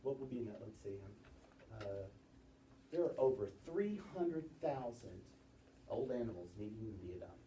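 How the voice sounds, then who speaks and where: A man's voice: mid-range voice, slight background noise. A man teaching a class about presentation gestures, quizzing his students as he goes. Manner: lively, quizzing students with quick questions. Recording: roomy classroom sound from a distant mic, faint ambience.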